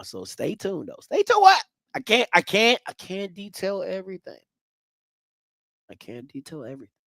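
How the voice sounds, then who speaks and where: A man's voice: mid-range voice, vocal fry, a bit bright, dry recording. A man hosting a casual sports talk show, trash-talking rival fans with lots of repetition and rhetorical questions. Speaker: podcast host.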